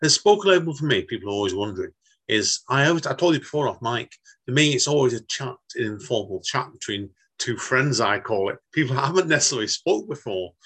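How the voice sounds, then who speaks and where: A man's voice: mid-range voice, lively intonation, fast talker, fairly bright tone, slightly rough. A man hosting a casual poetry podcast interview, chatty and informal. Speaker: podcast host.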